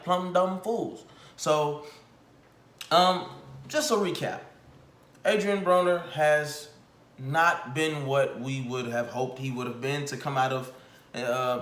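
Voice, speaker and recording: A young adult man giving casual commentary in an animated, exasperated, mocking way. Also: mid-range voice. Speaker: commentary vlogger. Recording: echoey room.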